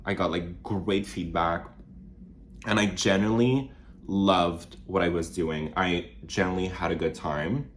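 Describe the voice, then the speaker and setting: A man's voice: steady tone, a little slow, a little hiss or hum. A young man with a French Canadian accent, chatting casually to camera while doing makeup, rambling with lots of fillers and restarts. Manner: rambling, many fillers and restarts, sudden jumps up in pitch. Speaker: vlogger. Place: small studio apartment.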